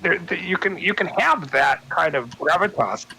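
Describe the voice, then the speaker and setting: A man's voice: sits high, lively intonation, moderate pace, sharp tone, slight background noise, low-quality recording. A man ranting in casual chat, swearing often and restarting his sentences. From United States. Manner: profane, rambling rant with many restarts. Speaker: guest chatting on a stream.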